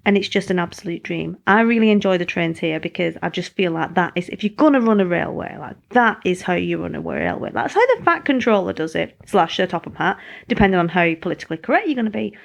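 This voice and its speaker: Chatty woman with a gravelly edge. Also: medium pitch. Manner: chatty, rambling, self-deprecating. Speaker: podcast host. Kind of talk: casual podcast monologue.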